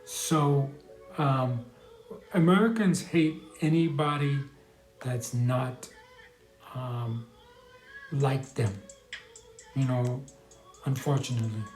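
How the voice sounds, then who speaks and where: A man's voice: mid-range voice, slow, long pauses, darkish tone, reverberant, faint music behind. A man talking casually on a live stream, rambling and hesitant, with many restarts and apologies as he answers a question. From New York.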